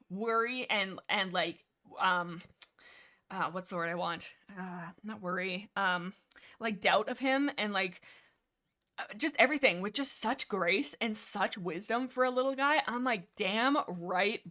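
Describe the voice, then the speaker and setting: A woman's voice: mid-range voice, pushed and bright. Gushing, rambling woman streamer. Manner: gushing and rambling, trips over character names. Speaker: livestream host. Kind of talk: casual book discussion with read-aloud passages.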